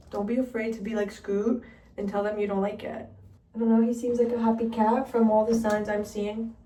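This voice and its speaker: A woman's voice: medium pitch, warm tone. A young woman vlogging in a casual chat, rambling through a story and filling it with "like". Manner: chatty, heavy use of "like", rambling storytelling. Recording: roomy sound from a distance.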